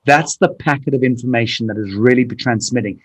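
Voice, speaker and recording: Here a man with a mid-range, slightly rough voice talks briskly. He's a guest on a podcast, giving candid interview answers that are blunt, emphatic and occasionally profane, with frequent restarts and repeated words.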